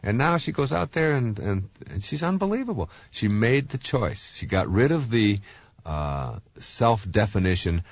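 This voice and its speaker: A middle-aged man giving a recorded self-help talk, telling stories in an animated way with many fillers and restarts. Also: fairly low pitch, moderate pace, no echo.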